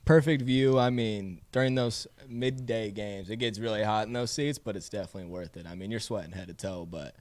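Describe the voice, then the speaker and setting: A man's voice: lowish voice, a little fast, hardly any pauses, darkish tone. A man in his twenties from Nebraska, a baseball coach chatting easily as a podcast guest. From Omaha, Nebraska. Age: 20s. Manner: easygoing, storytelling with quoted asides. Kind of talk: casual podcast chat.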